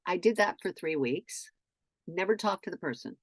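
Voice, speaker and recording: A middle-aged woman in casual storytelling chat, animated and profane, acting out shouted quotes. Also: lowish voice, normal speed, dry recording, clean studio sound.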